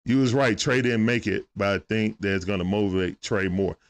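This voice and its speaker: A man's voice: on the low side, moderate pace. A man giving casual play-by-play of a basketball game on a live stream, greeting viewers in chat and talking aside to his son. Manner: animated, greets chat viewers between plays.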